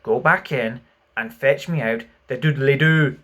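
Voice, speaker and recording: A man doing a purring, menacing pirate captain. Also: measured pace. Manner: purring, mock-courteous menace, louder and higher. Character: menacing, silkily cruel male pirate captain. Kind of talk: audiobook reading.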